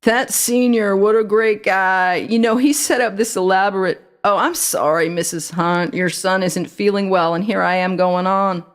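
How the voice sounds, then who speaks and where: A woman's voice: mid-range voice, moderate pace, few pauses, pitched above the performer's own voice, natural voice. Courteous young patrolman, folksy and long-winded, read by a woman. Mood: nostalgic. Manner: polite, folksy, rambling. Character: young police officer, friendly and chatty.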